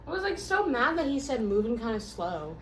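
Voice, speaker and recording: A woman's voice: fairly high pitch, very animated, brisk, a bit bright, slight background noise. A young adult woman co-hosting a casual mukbang chat, chiming in with jokey interjections. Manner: jokey interjections, chimes in and laughs. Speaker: co-host.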